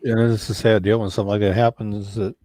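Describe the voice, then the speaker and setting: Talking fast in a low-ish, warm voice with a flat delivery and no echo, this man co-hosts a live missing persons show. He's earnest and folksy in casual stream conversation, frequently saying things more than once.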